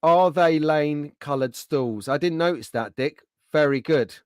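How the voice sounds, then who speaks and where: A man's voice: on the high side, unhurried, darkish tone, smooth, no room sound. A man hosting a casual livestream, chatting in a friendly way and reading out viewer comments. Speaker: livestream host.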